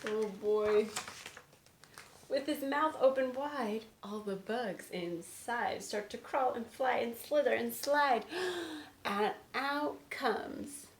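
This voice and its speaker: A woman teacher reading a picture book aloud to children at home, with big swoops in pitch. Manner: expressive read-aloud with big pitch swings. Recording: roomy sound with faint noise.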